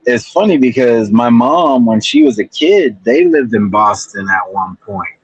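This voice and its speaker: Man, livestream guest, casual chat, slow, husky, rambling, dry sound. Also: mid-range voice, sing-song, no echo, lo-fi sound. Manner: laid-back and rambling.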